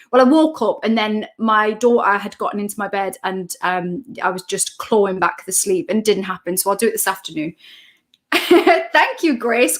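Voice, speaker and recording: A woman's voice: a little high, a bit bright. A woman, a coach hosting a casual live stream from home, chatting as she greets viewers by name and reads out their comments.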